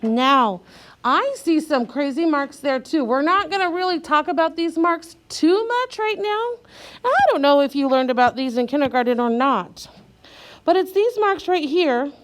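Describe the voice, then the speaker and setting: A woman teacher leading a young child through a reading lesson, slow and clear, sounding out letters and encouraging. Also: high-pitched, expressive.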